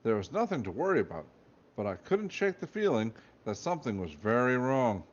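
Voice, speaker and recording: A man reading a comic novel aloud in a deadpan narrating voice. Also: medium pitch, a little fast, highs cut off. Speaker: reader.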